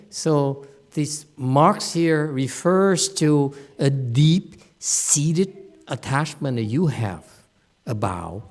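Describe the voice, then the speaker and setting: A man giving a dharma talk to students in a slow, unhurried way. He speaks plainly and bluntly, teasing his listeners. His sentences are full of fillers and restarts. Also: medium pitch, darkish tone. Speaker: Buddhist teacher. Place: meditation center hall.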